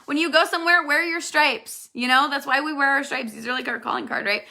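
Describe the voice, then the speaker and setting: Woman, bright tone, slightly high voice, motivational team talk, earnest and direct. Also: brisk, vocal fry. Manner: earnest, direct, addresses viewers as "you guys". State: emotional, near tears at times. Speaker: network marketing team leader.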